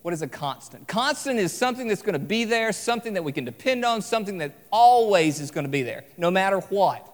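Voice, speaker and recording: A man preaching an evening sermon, earnest and emphatic, slowing down to stress key phrases. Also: high-pitched, expressive. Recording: long hall reverb.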